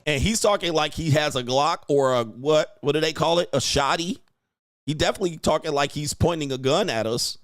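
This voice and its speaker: In clean, echo-free studio sound, a commentary channel host speaks a little fast in a fairly high, fairly bright voice. He reacts to clips by ridiculing and lecturing the people in them, frequently breaking into laughter.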